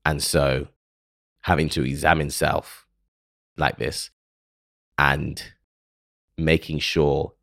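Very deep, gravelly man musing earnestly. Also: little pitch movement, slow, long pauses, a bit bright, no room sound, clean studio sound. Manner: earnest, emotional, self-questioning. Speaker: podcast host. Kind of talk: reflective solo monologue.

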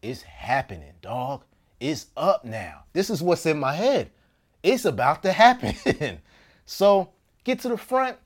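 This man, an actor, recounts a funny personal story in a relaxed manner. His voice is on the high side and very animated, though his pace is slow, and he laughs a lot, swinging between loud outbursts and quiet asides.

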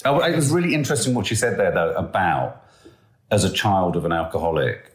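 Middle-aged dad, roomy sound. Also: male voice, deep voice, a little fast. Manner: animated storyteller who acts out quoted voices. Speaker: podcast co-host. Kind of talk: casual podcast chat. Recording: roomy echo.

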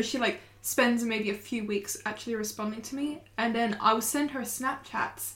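Young Australian woman, posh-English-tinged accent, bright voice, casual ranting chat, swears, echoey room. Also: on the high side, normal speed, few pauses. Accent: Australian, mixed with posh English. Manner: chatty, swears freely, ranting tone.

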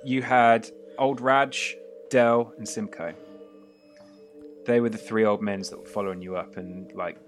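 A man narrating a tabletop game as game master, casual and prone to quick restarts. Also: lowish voice, steady tone, faint music behind.

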